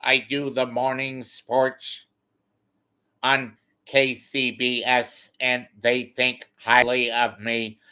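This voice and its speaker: A man impersonating a smug male radio sports reporter who talks slowly and with self-satisfaction. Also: medium pitch, level tone, bright, forceful tone, smooth.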